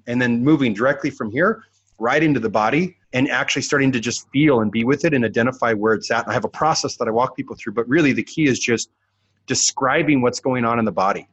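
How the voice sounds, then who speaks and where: Husky-voiced man, earnest and reflective. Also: medium pitch, fairly quick, dry recording, dull audio. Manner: earnest, reflective, circles back on phrases. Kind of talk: podcast conversation.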